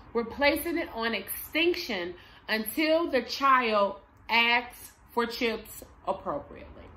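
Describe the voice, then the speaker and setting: This parenting coach and behavior analyst has a high-leaning, pushed, bright voice. In her instructional vlog she lays out parenting techniques with emphasis, talking directly to mothers.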